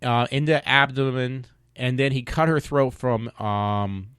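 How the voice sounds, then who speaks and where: A man hosting a podcast, ranting in a rambling, halting way with many restarts and fillers. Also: medium pitch, fairly bright tone, clear, resonant tone, no echo, clean studio sound. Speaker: podcast host. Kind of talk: casual opinion monologue.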